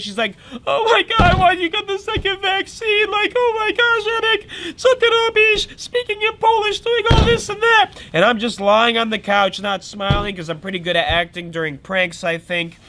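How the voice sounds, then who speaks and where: Young man, bright clear voice, casual vlog voice-over, blunt and defiant storytelling. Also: high voice. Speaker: daily vlogger.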